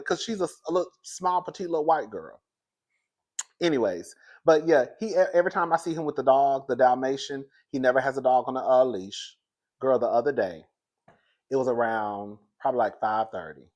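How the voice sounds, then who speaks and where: A man telling a casual story to the camera in a chatty gossip style, often calling the listener "girl" and laughing through it. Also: fairly quick. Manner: animated, high-pitched and loud when laughing through the story. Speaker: vlogger.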